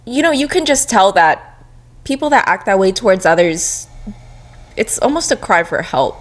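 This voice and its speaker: A woman co-hosting a podcast, telling a personal story as a chatty, animated storyteller in casual conversation. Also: mid-range voice, moderate pace. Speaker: podcast co-host.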